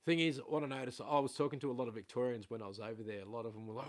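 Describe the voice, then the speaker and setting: A man's voice: medium pitch, steady tone, racing, few pauses. A middle-aged Australian man chatting loosely on a livestream from home, rambling from one thing to the next and swearing freely. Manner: rambling, swears freely, self-aware about waffling. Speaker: livestream host. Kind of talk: casual rambling livestream chat. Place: at home indoors.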